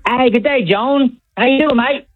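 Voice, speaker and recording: A man's voice: sits high, racing, soft background music. A male caller putting on a cheerful, chatty Australian bloke voice that keeps slipping, heard over a phone line. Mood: cheery. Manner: put-on Australian accent that slips. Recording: tinny dry phone line.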